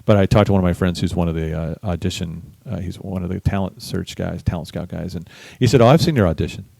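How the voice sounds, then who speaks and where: A middle-aged man, a bass musician, telling a lively story in a casual interview, acting out the people he quotes. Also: fast, creaky, dry recording. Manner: animated storyteller, acts out quoted voices. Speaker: guest musician.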